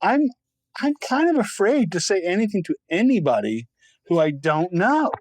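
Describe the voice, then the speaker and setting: A man's voice: sits high, sing-song, normal speed, dry recording. Hesitant man in casual chat. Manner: hesitant, repeats words, reflective. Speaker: podcast co-host.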